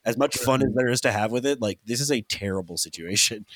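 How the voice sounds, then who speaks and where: A man's voice: mid-range voice, quick pace, no room sound. Dry-sounding man in casual chat. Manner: animated storyteller, mimics people in quotes.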